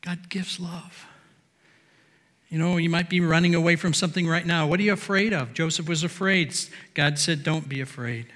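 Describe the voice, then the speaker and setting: A man preaching a sermon from a podium, emphatic, swinging between near-shouts and low, quiet lines. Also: brisk, few pauses, in a large hall. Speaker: pastor. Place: church sanctuary.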